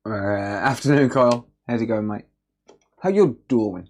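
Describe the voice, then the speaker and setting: At an indoor repair workbench, a man hosts an electronics repair livestream, chatting casually while he works. He jokes bluntly with chat and reads out repair notes in a fairly low, darkish voice that is expressive and fairly quick.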